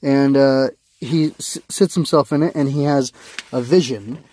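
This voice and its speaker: A man's voice: medium pitch, a little slow, warm tone, no echo. A man giving a casual spoken review of a comic, rambling with many fillers and restarts, recorded on a phone.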